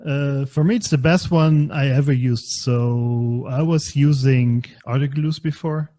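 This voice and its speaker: A man from Slovenia, a guest speaking in a halting, casual way with many fillers. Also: medium pitch, dark tone. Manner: slow, halting, non-native English with many fillers. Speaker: guest maker. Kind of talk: casual chat.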